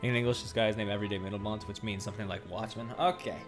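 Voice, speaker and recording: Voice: medium pitch, steady tone, very fast, music in the background. A streamer making joking asides while playing and reading through a game. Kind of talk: casual commentary over a game.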